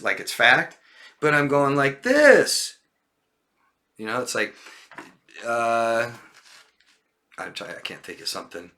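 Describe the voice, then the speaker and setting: A man with a bright, forward voice explains body language to camera. He talks casually and keeps breaking into short acted lines that show how liars sound. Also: mid-range voice. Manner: demonstrative, acts out liars' lines in a raised voice. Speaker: coach.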